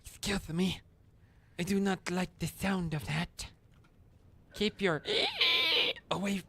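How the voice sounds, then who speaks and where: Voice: mid-range voice, steady tone, unhurried, slightly rough. A gaming streamer commenting on a horror game, jumpy and chatty, talking back to the characters and dropping to a whisper when tense. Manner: drops to a whisper in tense moments. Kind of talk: horror let's play commentary.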